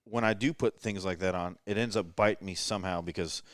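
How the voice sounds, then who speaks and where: A man in his thirties with a low voice tells self-deprecating stories in a relaxed late-night chat. The sound is close and dry, as if recorded around a table in a rental house. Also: brisk, no echo. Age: 30s. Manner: self-deprecating storyteller, joking. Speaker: podcast guest shooter. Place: rental house living room.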